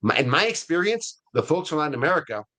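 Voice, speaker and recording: A fast, sing-song male voice, on the high side with a sharp tone, belongs to a webinar interview guest who runs an ISA staffing firm as CEO. His explanations are casual, punctuated again and again by "right?" and "okay?" to keep the listener with him.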